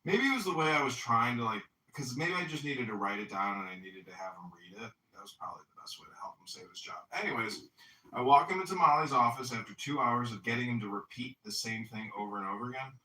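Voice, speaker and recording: A man's voice: mid-range voice, animated, fast talker, pushed and bright. A man telling a rambling, profane story in casual chat, full of restarts and quoted dialogue. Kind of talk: casual anecdote on a live audio app. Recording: echoey, distant app audio.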